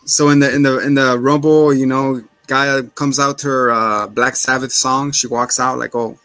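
Recapping an episode with his podcast co-host, he clowns around, curses and voices the scenes in goofy impressions. His mid-range voice holds a steady tone at moderate pace, a bit bright, in a dry recording.

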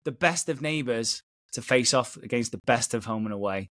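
A man's voice: medium pitch, moderate pace, fairly bright tone. Jokey male podcast host. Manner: jokey, laughs often. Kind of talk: casual podcast banter.

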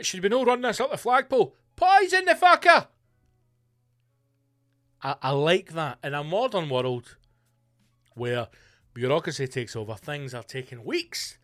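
Man, podcast host, profane comic rant, slightly high voice, dry close sound. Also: no echo. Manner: profane, animated, mocking asides. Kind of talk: solo comedic rant. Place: home studio bunker.

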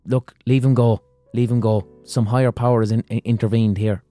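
A man's voice: mid-range voice, fairly quick, dry recording, faint music behind, natural voice. A man voicing a crowd of astonished male Roman onlookers. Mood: amazed. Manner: excited, exclaiming.

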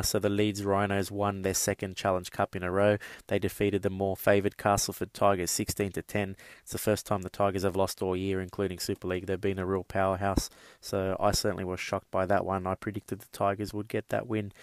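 A man's voice: on the low side, completely flat delivery, a little fast, clean tone, dry recording. A man hosting a podcast, giving a casual sports news rundown full of fillers and asides to listeners. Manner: chatty, many uh fillers, addresses listeners as guys. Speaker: podcast host.

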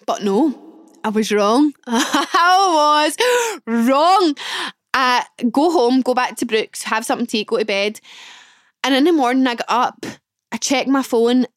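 Chatty girl in her 20s telling a story on her pod, kinda high voice, dead dry sound. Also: no echo. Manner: chatty, lots of "like", acts out her own thoughts. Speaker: podcast host. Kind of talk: casual storytelling monologue.

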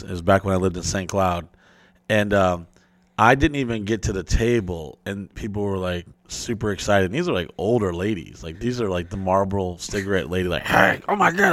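A man's voice: fairly low pitch, brisk, no echo. A man hosting a podcast, telling rambling, profane stories in casual chat and acting out the people in them. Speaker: podcast host.

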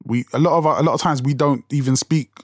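A man's voice: medium pitch, steady tone, quick pace, dry recording, clean studio sound. A young man with a London accent, talking casually as a podcast host, rambling with restarts and fillers. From England. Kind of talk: casual solo talk.

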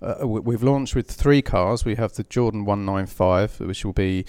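A man's voice: on the low side, normal speed, darkish tone, clear, resonant tone. A man who edits a magazine, talking casually on a panel with lots of fillers and restarts. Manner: chatty, many fillers and restarts. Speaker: magazine editor.

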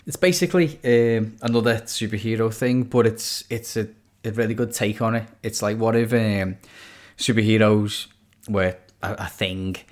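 Rambling man, lowish voice. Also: moderate pace. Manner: rambling, hesitant, full of "um" and "like". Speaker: podcast co-host. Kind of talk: casual chat.

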